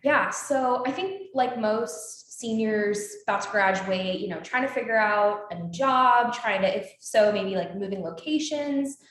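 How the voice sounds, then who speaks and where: A woman's voice: medium pitch, unhurried, hardly any pauses, a bit bright. A woman in her twenties, a guest in a casual interview, telling a story with lots of fillers and quoted dialogue. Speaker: alumni guest. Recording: echoey room.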